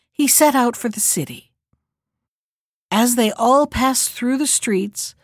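A woman reads a storybook tale in a steady, measured way, her voice sitting somewhat high. The recording is close and dry with no room echo. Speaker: narrator. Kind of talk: storybook reading.

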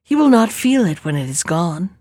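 Woman reader doing a scheming old witch; low, grim, threatening, dry recording. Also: very animated, normal speed, a little mellow, no room sound.

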